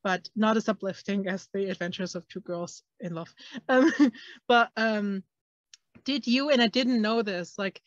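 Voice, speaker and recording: A woman's voice: mid-range voice, unhurried, no echo. A woman co-hosting a podcast in casual chat, hesitant with many fillers. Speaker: podcast co-host. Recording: dry, dull lo-fi mic.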